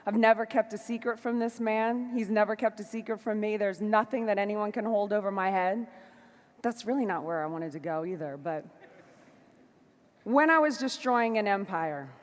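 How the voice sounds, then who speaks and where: A woman giving a motivational stage talk to a live audience, fiery and emphatic, moving between shouts and soft asides. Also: mid-range voice, moderate pace, big-room sound. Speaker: motivational speaker. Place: large hall before a live audience.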